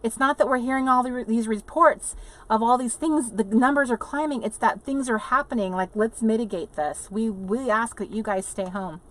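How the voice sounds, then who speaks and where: A woman's voice: fairly high pitch, normal speed, fairly bright tone. Chatty woman livestreaming from an RV. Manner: chatty, rambling, laughs often, reads viewer comments aloud. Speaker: livestream host. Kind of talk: casual live chat with viewers. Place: inside an RV.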